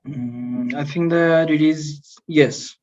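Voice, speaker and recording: A man's voice: a little high, slow, darkish tone. A man taking an English lesson over a video call, answering exercises and thinking aloud hesitantly. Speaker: student. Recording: dull lo-fi call audio.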